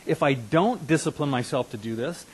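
A man in his fifties preaching a sermon as a pastor, earnest, dropping to hushed asides and rising to emphatic declarations. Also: medium pitch, normal speed, husky, poor audio. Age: 50s.

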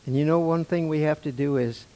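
A man's voice: fairly high pitch, steady tone, fairly quick, mellow. Older male pastor preaching conversationally. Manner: conversational preaching, asks the congregation questions. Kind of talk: sermon. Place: church sanctuary.

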